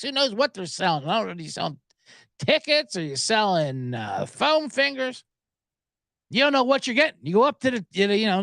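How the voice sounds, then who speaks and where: A man's voice: extremely high pitch, a bit bright, no echo, clean studio sound. A man hosting a sports betting podcast, rambling and joking, and getting worked up now and then. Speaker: podcast host.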